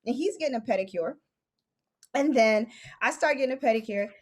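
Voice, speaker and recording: A woman in her thirties, a podcast guest telling stories in an animated, excitable way. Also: fairly high pitch, brisk. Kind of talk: casual chat, storytelling.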